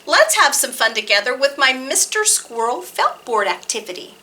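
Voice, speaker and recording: A woman hosting a library storytime, reading rhymes and picture books aloud to toddlers in a sing-song, expressive way. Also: sits high, moderate pace, hardly any pauses. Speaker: children's library storytime host.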